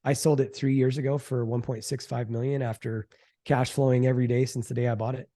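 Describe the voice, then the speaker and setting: With a mid-range voice, a middle-aged man walks through the story of his first real estate deal during an informal interview. He's animated, quick to imitate what others told him, and says "um" and "like" a lot.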